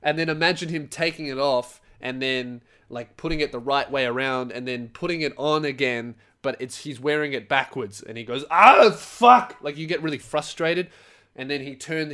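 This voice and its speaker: A young man hosting his own comedy podcast, rambling and swearing freely as he tells stories. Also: mid-range voice. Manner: swearing, rambling, animated storytelling. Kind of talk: casual solo podcast monologue.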